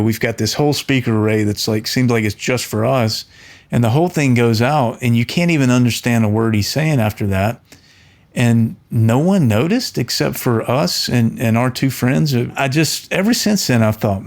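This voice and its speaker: A middle-aged man at a mid pitch talks earnestly and casually to camera. He spins a personal story, restarting phrases as he goes, and perks up when he quotes people. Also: moderate pace. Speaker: audio engineer and channel host.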